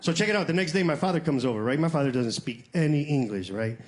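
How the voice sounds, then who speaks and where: High-voiced animated stand-up comic. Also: male voice, quick pace, a little hiss or hum. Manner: animated, acts out quoted voices, swears casually. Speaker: stand-up comedian. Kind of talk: stand-up comedy storytelling.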